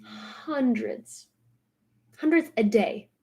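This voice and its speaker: A woman's voice: a little high, very slow, vocal fry, dark tone. A woman delivering a blunt, exasperated vlog rant, hammering her points home by repeating them. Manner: emphatic, repeating points for stress. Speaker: social media commentator.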